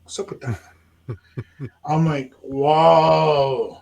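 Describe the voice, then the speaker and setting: Animated man telling a story. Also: fairly high pitch, very slow, creaky. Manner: animated, acts out quoted dialogue. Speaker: radio show host. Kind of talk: casual storytelling chat.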